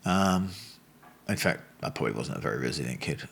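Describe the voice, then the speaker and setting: A man's voice: rumbling low, expressive, brisk, creaky, a bit bright, husky. A man in his sixties with an Australian accent, a Muay Thai coach telling blunt, rambling stories as an interview guest. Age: 60s. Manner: rambling, blunt storyteller who swears and laughs. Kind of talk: casual interview storytelling.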